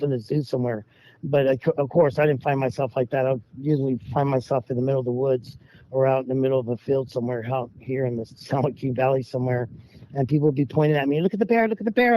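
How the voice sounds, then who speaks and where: Rambling man telling stories, dull sound. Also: mid-range voice. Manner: rambling, acts out quoted voices, laughs while telling. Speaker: guest storyteller. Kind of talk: casual storytelling.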